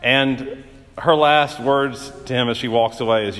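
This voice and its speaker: A male pastor delivering a sermon, telling stories earnestly with dramatic pauses and rising emphasis. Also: medium pitch, steady tone, a bit bright, long reverb tail, soft background music.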